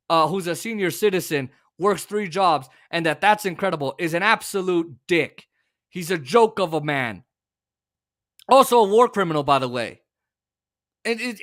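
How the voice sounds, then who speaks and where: A man's voice: sits high, fairly bright tone, dry recording, studio quality. A man hosting a talk show, ranting about politics in a heated, profane way with stumbling restarts. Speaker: host. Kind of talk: political rant.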